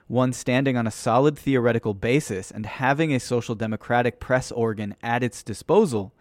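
A man's voice: medium pitch, no room sound. Dry, close-miked man reading aloud. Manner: voices quotation marks aloud as "quote" and "unquote". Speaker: podcast host reading a political text aloud. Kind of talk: steady read-aloud narration.

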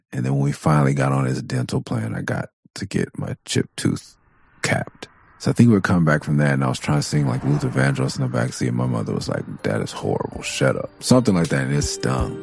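A man's voice: a bass voice, vocal fry, a little mellow, breathy edge, dry recording, studio quality. A man from Southern California hosting his own podcast, a father of four, talking in a blunt, profane, candid way and laughing often. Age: adult parent of four. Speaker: podcast host. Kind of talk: casual podcast monologue.

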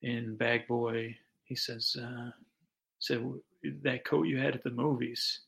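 A man's voice: mid-range voice, flat delivery, slow, fairly bright tone. A man hosting a podcast, telling a meandering improvised bedtime story full of asides and restarts. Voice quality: gravelly.

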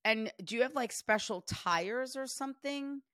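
A woman's voice: on the high side, unhurried, a bit bright, dry recording, clean studio sound. A woman hosting as a medium, chatting casually and passing on messages she quotes in other voices. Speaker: psychic medium host. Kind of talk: casual reading session.

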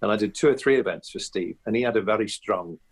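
Man, low voice, husky, interview guest, chatty anecdotes, restarts. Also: fast talker. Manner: anecdotal, animated, frequent restarts. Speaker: comedian and impressionist guest. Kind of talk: conversational interview.

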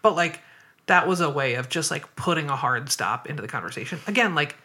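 A woman's voice: deep voice, lively intonation, brisk, sharp tone. A woman hosting a casual podcast conversation, explaining her views thoughtfully step by step and often checking in with "right?". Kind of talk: casual conversation on body image.

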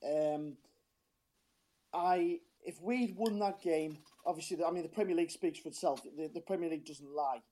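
A man's voice: fairly high pitch, moderate pace, warm tone. A man calling in as a football fan, talking in a passionate, frustrated, rambling way with a strained voice. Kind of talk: casual phone-in chat.

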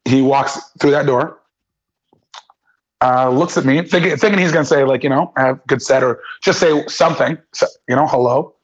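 Animated male comedian, muffled audio. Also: a little high, normal speed. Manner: animated storyteller, acts out quotes. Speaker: guest comedian. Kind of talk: casual podcast chat.

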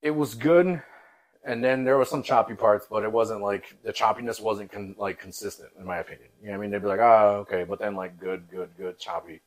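A man co-hosting a podcast in loose, slangy casual chat, laughing loudly at his own jokes. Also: lowish voice, brisk, low-quality recording. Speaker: podcast co-host.

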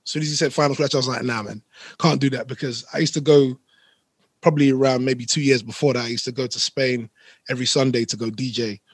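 A man's voice: medium pitch, steady tone, fast, breathy edge, dry recording. A man, a guest DJ, telling rambling stories in a laid-back podcast chat. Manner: rambling, laid-back storytelling with London slang.

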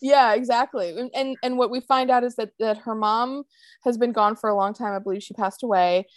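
A woman co-hosting a podcast, chatting casually about a TV episode, animated and quick to laugh as she acts out scenes. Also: a little high, dry recording. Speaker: podcast co-host. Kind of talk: casual chat recapping a TV episode.

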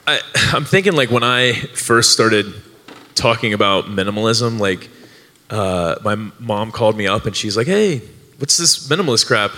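At a live show with an audience in a large hall, a male podcast co-host tells a story at normal speed. His voice is on the low side, bright and forceful, and he rambles with fillers and restarts, laughing often.

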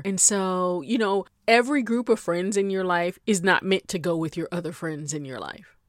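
A woman's voice: fairly low pitch, lively intonation, moderate pace, no echo, studio quality. A middle-aged woman hosting a podcast in casual chat, playful and chatty, laughing often. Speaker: podcast host.

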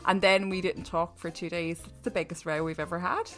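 A woman's voice: fairly low pitch, a little fast, soft background music. A woman co-hosting a casual podcast, telling anecdotes and acting out what people said. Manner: animated storyteller, acts out quotes. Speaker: podcast co-host.

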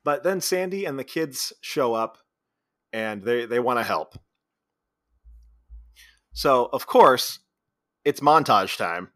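Bright-voiced man recapping a movie. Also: medium pitch, animated, slow, pauses often, no room sound, studio quality. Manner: retells scenes, quoting characters in brief voices. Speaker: podcast co-host. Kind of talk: casual movie recap chat.

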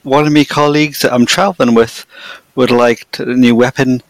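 A man's voice: medium pitch, steady tone, a little fast, no room sound, poor audio. A man playing his tabletop character, friendly and helpful in manner. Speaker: player. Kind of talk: in-character tabletop role-play.

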